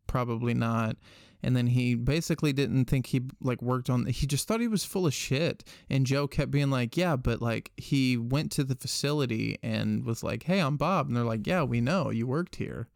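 Gravelly dude co-hosting a podcast, swears constantly, dry close sound. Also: male voice, mid-range voice, steady tone, moderate pace, darkish tone, dry recording. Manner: loose and profane, rambling retellings. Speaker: podcast co-host. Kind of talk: casual chat.

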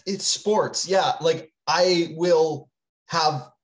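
A young man co-hosting a sports podcast, chatting casually with a wry, drawn-out delivery. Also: on the high side, poor audio. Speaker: podcast co-host. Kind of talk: casual chat.

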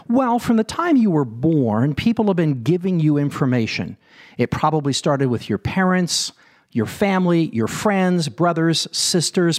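A man giving a motivational talk, asking rhetorical questions and speaking straight to his listeners. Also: fairly high pitch. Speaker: self-help speaker.

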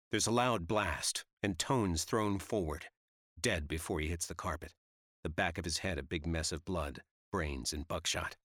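A man's voice: deep voice, measured pace, fairly bright tone, no echo, studio quality. A man giving tense, vivid first-person audiobook narration.

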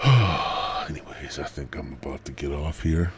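A man's voice: rumbling low, lively intonation, unhurried, a little hiss or hum. A man hosting a comedic podcast, rambling crudely and slipping into mock ASMR whispers. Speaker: podcast host.

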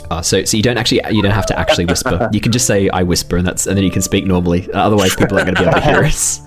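A man's voice: low-pitched, fairly even intonation, racing, faint music behind. A man running a tabletop game as dungeon master, describing scenes and teasing his players with frequent laughs. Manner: laughs often, playful teasing.

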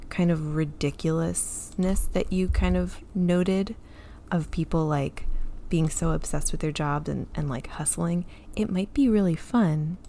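A woman co-hosting a casual book talk, with a lower voice and a wry, laughing way of giving recommendations. Faint background noise sits under her voice. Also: vocal fry, dark tone. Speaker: podcast co-host. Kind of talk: casual chat about books.

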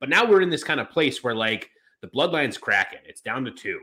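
A man's voice: medium pitch, very animated, a little fast, pushed and bright. A man co-hosting a casual wrestling podcast, rambling with lots of fillers and restarts. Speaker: podcast co-host.

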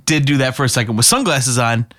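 A man chatting casually on a podcast, telling stories and slipping into the voices of people he quotes. His voice is mid-pitched and recorded dry and close. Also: fast talker, a bit bright, dry recording. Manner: storytelling, acts out quotes. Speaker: podcast co-host. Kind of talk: casual chat.

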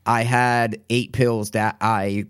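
A man in his twenties casually telling a long personal story, rambling and animated, with lots of quoted asides. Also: on the low side, slow pace, clean tone, no room sound, studio quality. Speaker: podcast guest.

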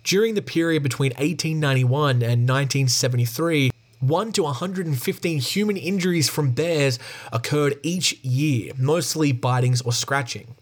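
A man hosting a podcast, reading a prepared script in a steady storytelling tone. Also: a little high, moderate pace. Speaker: podcast host. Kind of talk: scripted narration.

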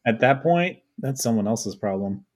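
Dude cohost, dry jokes, casual mid-pitch voice. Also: male voice, animated, moderate pace. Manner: dry, wisecracking. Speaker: podcast co-host. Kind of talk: casual comedic chat.

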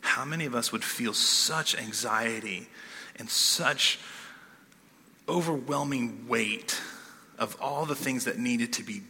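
Conversational preacher with a bright edge. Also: male voice, medium pitch, slow, long reverb tail, slight background noise. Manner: conversational, animated, keeps asking "okay?". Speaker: pastor. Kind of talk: sermon.

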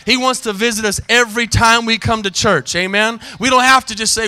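Man, middle-aged, pastor, church sermon, call-and-response amens, high pitch, crisp resonant tone. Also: moderate pace, few pauses, sharp tone. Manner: preaching with call-and-response "amen" questions. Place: church sanctuary.

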